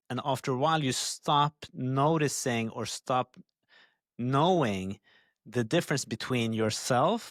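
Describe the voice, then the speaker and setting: A man's voice: medium pitch, no echo. Rambling podcast host man, dry. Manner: loose, rambling questions full of fillers. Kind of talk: podcast interview.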